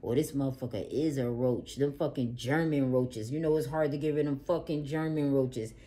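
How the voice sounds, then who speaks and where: A woman doing a casual tarot reading to camera, cursing freely and swinging from low murmurs to loud ranting. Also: brisk. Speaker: tarot reader.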